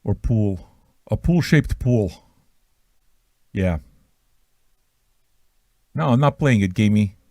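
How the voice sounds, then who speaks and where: A man with a fairly low, warm, expressive voice hosts an online music radio stream, speaking slowly and pausing often. He rambles profanely while welcoming listeners, joking crudely and mocking himself, in a studio-quality recording without echo.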